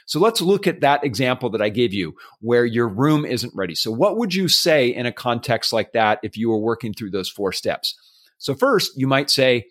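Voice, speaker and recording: A man's voice: medium pitch, fairly bright tone. A man hosting a solo advice podcast, walking listeners through steps in a coaching tone with spoken examples. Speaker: podcast host.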